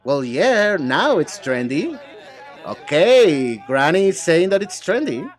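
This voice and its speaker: A man's voice: on the high side, big pitch swings, slow pace, a faint crowd. A man voicing an English dub of reality-show banter alone, sassy and bickering as he switches between several speakers. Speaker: translator dubbing a reality show.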